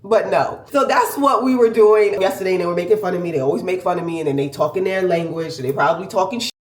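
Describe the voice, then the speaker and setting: Animated woman in her forties, roomy sound. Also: fairly low pitch, quick pace. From northern United States. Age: 40s. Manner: animated storytelling, acting out quoted voices with laughs. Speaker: vlogger and business owner. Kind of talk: casual travel vlog chat. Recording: roomy echo.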